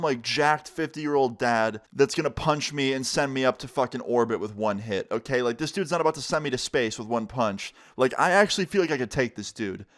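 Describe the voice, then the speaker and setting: A man in his twenties casually telling a storytime vlog story, swearing often. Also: medium pitch. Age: 20s. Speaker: vlogger.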